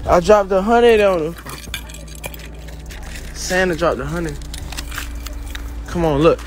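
Hyped high-voiced young man bragging. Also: slow pace, slight background noise. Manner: excitable, boastful, repeats himself. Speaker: rapper showing off a new car delivery. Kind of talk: casual hyped vlog chatter to camera. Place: outdoors at a house during a vehicle delivery.

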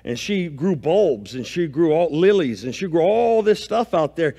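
High-voiced pastor preaching in a reverberant church. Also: male voice, expressive, normal speed, dark tone. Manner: folksy, conversational preaching with home anecdotes; reads scripture aloud between comments. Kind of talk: sermon. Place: church sanctuary.

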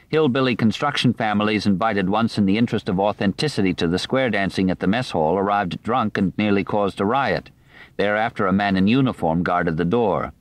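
Low-voiced and unhurried, a male narrator reads through a nonfiction audiobook in an even, measured style. The recording was made close-up in a dry studio, leaving no trace of room sound.

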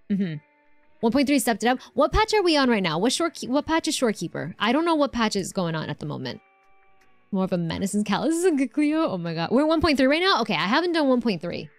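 A woman's voice: mid-range voice, no room sound. A woman live-streaming a game, chatting casually and answering her chat with lots of fillers and restarts.

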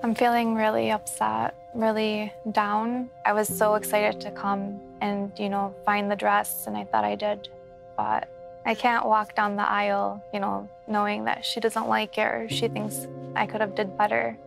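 A woman's voice: mid-range voice, completely flat delivery, unhurried, vocal fry. A young woman, a bride, talking in a hurt, downcast way. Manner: hurt, downcast, quietly upset. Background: music.

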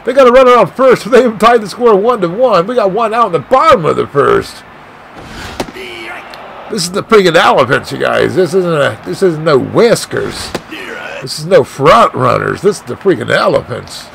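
A man giving live play-by-play of his own video game as a channel host, swinging between shouts and dejected muttering. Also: high voice, vocal fry, background noise. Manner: mild swearing, "freaking" and "dang it" catchphrases.

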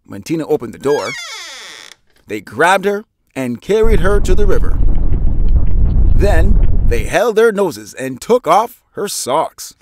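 A man reading a children's picture book aloud in an animated storytelling style, putting on voices for the characters. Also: slow, background noise. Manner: animated, voices characters with big pitch jumps. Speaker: storybook narrator.

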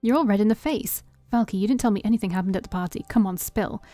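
A woman voicing an excitable, nosy young woman friend who asks eager, prying questions, in a game read aloud. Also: medium pitch, quick pace, no echo, faint music behind, natural voice.

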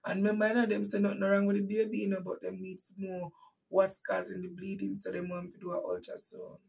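Husky Jamaican woman telling a harrowing story. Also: mid-range voice, completely flat delivery, fast, distant mic, low-quality recording. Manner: emphatic, repeats phrases, swings from hushed to loud. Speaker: host and preacher. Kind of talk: dramatic personal storytelling.

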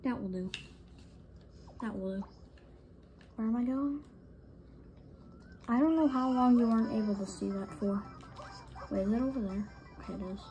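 Excitable young woman narrating gameplay. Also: a little high, brisk, long pauses, slight background noise. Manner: excitable, swings from muttering to frustrated shouts. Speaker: gamer streamer. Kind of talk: casual gameplay commentary.

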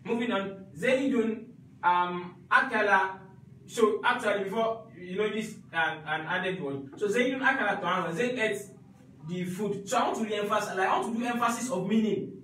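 A man's voice: high-pitched, normal speed, a bit bright, very echoey, far from the mic, slight background noise, rough recording. A man teaching an Arabic grammar class, repeating each point and checking that students follow.

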